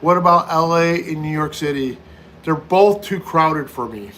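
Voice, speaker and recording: A middle-aged American man hosts a casual stream, reading viewers' comments out loud and answering them one by one. His voice is a little high and fairly bright, at a moderate pace, over slight background noise.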